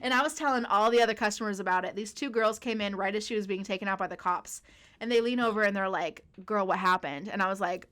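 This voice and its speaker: A young woman chatting casually on a podcast, telling a workplace story in an animated way, laughing often. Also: mid-range voice, fast. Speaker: podcast co-host.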